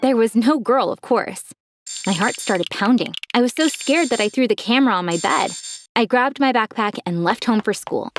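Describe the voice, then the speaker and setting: A woman giving scripted first-person narration for an animated story, expressive and animated. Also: fairly high pitch, normal speed, faint music behind.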